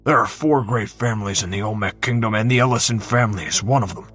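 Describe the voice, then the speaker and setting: A man's voice: on the low side, fast talker, fairly bright tone, slightly rough, faint music behind. A man voicing an arrogant, scornful male academy teacher in a fantasy audiobook, sneering and incredulous. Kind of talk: audiobook character reading.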